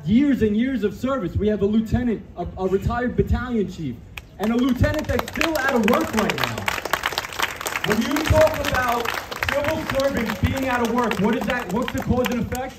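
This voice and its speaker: A man's voice: very high-pitched, lively intonation, normal speed, very noisy. A man speaking to a crowd at an outdoor rally, emotional and earnest, restarting his sentences.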